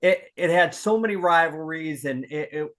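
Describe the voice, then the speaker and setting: A podcast host in casual chat, an enthusiastic fan who halts and restarts. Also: male voice, a little high, moderate pace, fairly bright tone.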